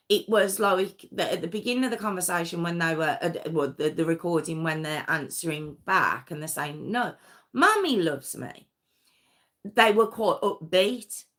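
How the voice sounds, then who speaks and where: A woman's voice: low-pitched, fairly bright tone. A woman hosting a live true crime stream, telling the story conversationally with many fillers and restarts.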